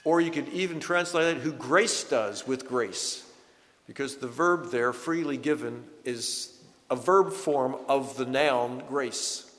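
A man's voice: mid-range voice, a bit bright. Earnest preacher man in a reverberant hall. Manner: earnest, emphatic, slows down to stress key words. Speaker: pastor. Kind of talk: sermon.

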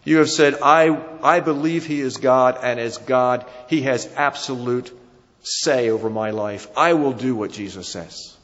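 A man's voice: mid-range voice, measured pace, fairly bright tone. A man with a New Jersey accent preaching a sermon, emphatic, his voice rising and falling for emphasis. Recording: dull sound with long hall reverb.

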